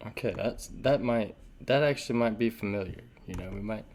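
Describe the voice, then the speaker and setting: A man's voice: lowish voice, fairly quick, a little mellow, a little hiss or hum. A man hosting a music reaction, chatting casually and with enthusiasm, rambling and laughing often. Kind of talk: casual album reaction commentary. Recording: music playing in the background.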